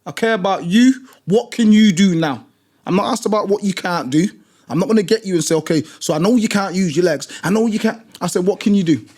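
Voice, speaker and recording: A man's voice: high-pitched, a little fast, darkish tone. Emphatic, blunt British man. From Britain. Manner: emphatic, blunt, repeats phrases for force. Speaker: disability gym instructor. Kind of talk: passionate storytelling in conversation.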